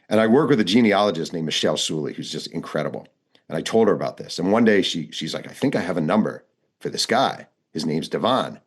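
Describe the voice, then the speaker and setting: A man with a very low voice spins out a reporting story as an interview guest. He narrates vividly and slips into the voices of the people he quotes, keeping the story moving. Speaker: author and guest.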